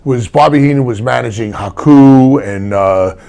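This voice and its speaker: A man's voice: mid-range voice, moderate pace, vocal fry, darkish tone. An older man, a retired wrestler telling stories in a casual interview, blunt and rambling with many restarts.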